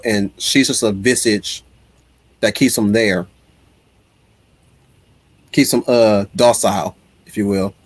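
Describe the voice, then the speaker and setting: A man's voice: fairly low pitch, dry recording. A man hosting a casual livestream, reading viewer comments and rambling with frequent restarts. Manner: rambling, many restarts, animated. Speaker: livestream host reading chat. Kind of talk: casual chat.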